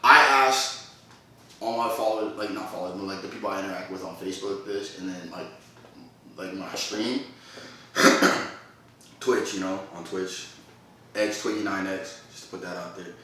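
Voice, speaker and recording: A man hosting a casual podcast, telling an embarrassing story in an animated, slangy way with lots of laughter. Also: low voice, normal speed, pauses often, slight background noise. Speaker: podcast host. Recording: echoey room, distant mic.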